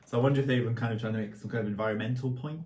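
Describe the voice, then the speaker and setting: A man's voice: medium pitch, fairly even intonation, racing, a crowd in the background. A man chatting casually while tasting cookies with his brother, thinking aloud in a hesitant, musing way. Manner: musing, hesitant, hedging with "kind of". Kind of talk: casual chat. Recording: roomy echo, faint noise.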